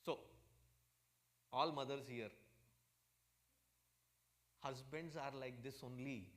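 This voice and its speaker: A man with an Indian accent, a swami giving a satsang talk in a humorous, animated storytelling manner. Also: medium pitch, takes it slowly, a little hiss or hum. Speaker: swami, spiritual teacher.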